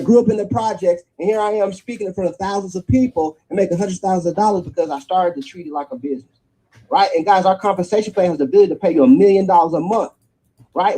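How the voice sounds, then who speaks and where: A man giving an energetic sales pitch for a network marketing business, checking in with his listeners after almost every point. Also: husky, low-quality recording. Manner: energetic preacherly pitch, tag questions after each point.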